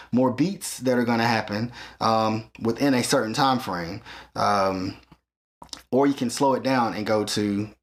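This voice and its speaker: A man hosting a hands-on synthesizer tutorial, explaining patiently step by step and often checking in with "okay?". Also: mid-range voice.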